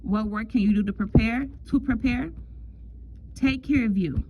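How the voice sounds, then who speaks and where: A woman's voice: fairly high pitch, normal speed, lo-fi sound, slight background noise. A woman giving a casual astrology love reading in a chatty way, repeating herself and calling the listener "girl". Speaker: tarot love reader.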